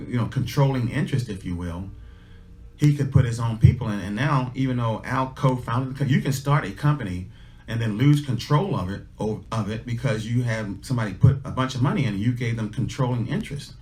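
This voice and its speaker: A man's voice: on the low side, darkish tone. A man, telling a personal story in an earnest, conversational way with many restarts. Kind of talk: casual storytelling talk.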